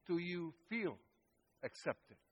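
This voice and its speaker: Slow, high-voiced preacher telling a story. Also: male voice, big pitch swings, breathy edge. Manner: dramatic storytelling, swelling loud for quoted cries. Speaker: pastor. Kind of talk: sermon.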